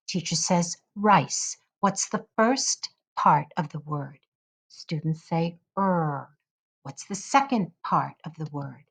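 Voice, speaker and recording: A woman with a lowish voice explains a lesson at an unhurried, measured pace. She carefully sounds out each example for her listeners. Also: a bit bright, breathy edge. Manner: slow, deliberate, models sounds carefully. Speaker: teacher educator. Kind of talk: instructional lesson narration.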